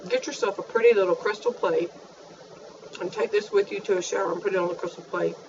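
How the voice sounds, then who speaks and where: A woman's voice: mid-range voice, fast talker, recorded from a distance, slight background noise. Woman vlogger, chatty and gushing, mic set back, dull lo-fi sound. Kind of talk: casual chat. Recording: dull, faint, off-mic home recording.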